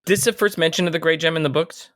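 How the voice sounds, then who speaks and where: A man co-hosting a podcast, chatting casually and asking questions about a fantasy novel in a relaxed way. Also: on the high side, rapid-fire. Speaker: podcast co-host. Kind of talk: casual book discussion.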